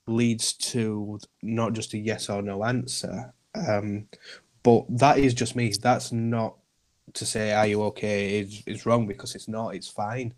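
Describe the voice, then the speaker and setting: A man's voice: lowish voice, steady tone, slow pace, darkish tone. Earnest man, podcast guest. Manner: earnest, reassuring, repeats himself. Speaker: guest, community group founder. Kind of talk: podcast interview.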